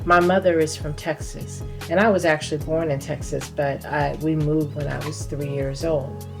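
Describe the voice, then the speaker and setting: A woman who grew up in California, a podcast guest telling a personal story in a lively, laughing way. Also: sits low, moderate pace, vocal fry, over music. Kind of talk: casual storytelling.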